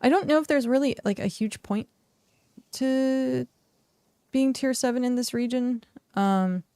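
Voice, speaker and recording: In a warm, smooth voice that sits high, a woman talks at a measured pace while streaming a game, chatting casually and thinking aloud with lots of fillers and trailing sentences. She hiccups and yawns as she goes. No room sound is present.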